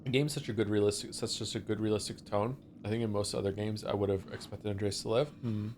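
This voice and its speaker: Low-voiced man musing over a game. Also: steady tone, fast talker, darkish tone, a little hiss or hum. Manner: thinks aloud, trails off and restarts. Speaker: streamer. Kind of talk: casual game stream commentary.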